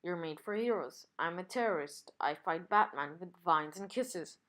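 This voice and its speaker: A woman's voice: fairly low pitch, animated, normal speed, fairly bright tone. An exasperated female plant villain from a comic book, scolding in a plain voice, as a woman reads her lines aloud. She nags and lectures, reading straight from the page.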